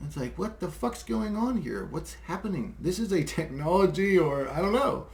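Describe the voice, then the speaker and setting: A man's voice: high voice, lively intonation, normal speed, creaky, hardly any pauses. Exasperated man ranting in an echoey room. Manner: profane, rambling, exasperated, with frequent fillers and laughs. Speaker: solo video creator. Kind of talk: casual monologue rant.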